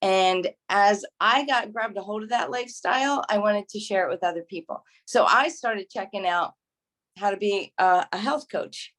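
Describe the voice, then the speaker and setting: A woman's voice: mid-range voice, normal speed, a bit bright. Earnest, enthusiastic woman testimonial, video call. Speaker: mentor and graduate sharing experience.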